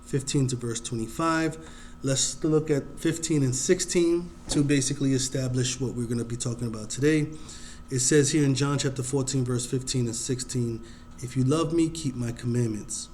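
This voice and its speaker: A man teaching a Bible study in a casual, unhurried way, reading verses aloud and pausing often to think. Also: mid-range voice, a little mellow, a little hiss or hum.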